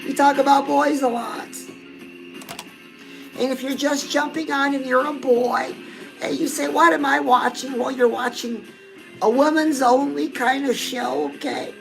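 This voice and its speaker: A woman's voice: high voice, fairly even intonation, unhurried, creaky, music in the background, low-quality recording. A middle-aged woman hosting a casual livestream chat, coaching her viewers and calling them "girl". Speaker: host.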